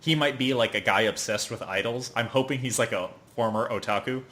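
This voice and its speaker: A man's voice: mid-range voice, a little fast, a loud crowd. A man hosting a podcast, chatting casually as he recaps an anime episode, rambling with fillers, laughing often and putting on the characters' lines. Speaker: podcast host.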